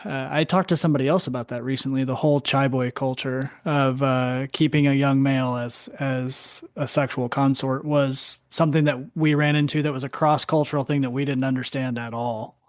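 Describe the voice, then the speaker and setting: A man's voice: mid-range voice, fairly even intonation, a little fast, few pauses, dry recording, clean studio sound. A man hosting a podcast, speaking frankly, with short restarts. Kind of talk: casual podcast conversation.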